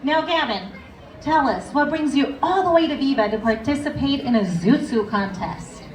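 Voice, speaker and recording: High-voiced woman emceeing a crowd. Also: expressive, normal speed. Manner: upbeat, playful crowd banter. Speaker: contest emcee. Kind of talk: live event hosting. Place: crowded bar venue. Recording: echoey crowded room from far off.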